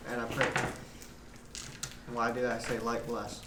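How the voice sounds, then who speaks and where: A man's voice: medium pitch, completely flat delivery, unhurried, echoey room, heavy background noise. A man playing a tabletop game, talking in a blunt, joking way. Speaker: player. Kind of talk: casual in-character game talk.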